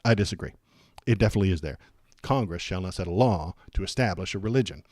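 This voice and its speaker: A man's voice: sits low, lively intonation, quick pace, darkish tone, no room sound, studio quality. A man hosting a live political stream, reacting in casual, rambling commentary that turns sarcastic and slips into muttered curses.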